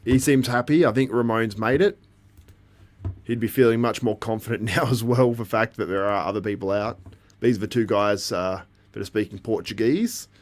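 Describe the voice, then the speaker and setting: Lowish-voiced man, casual livestream host, talks to the chat, laughs easily. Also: steady tone, moderate pace. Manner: chatty, reacting to the live feed and chat, laughs often. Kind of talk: casual live commentary.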